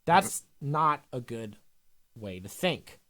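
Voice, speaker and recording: A man's voice: mid-range voice, very animated, takes it slowly, pushed and bright. Blunt, profane male trading coach. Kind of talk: live coaching session.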